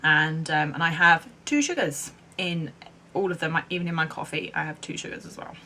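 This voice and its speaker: A young Englishwoman in her twenties vlogs casually to camera, rambling and filling her talk with "um" and "like." Her voice is low, steady, bright and forceful at a normal pace, with a slight hiss or hum in the recording.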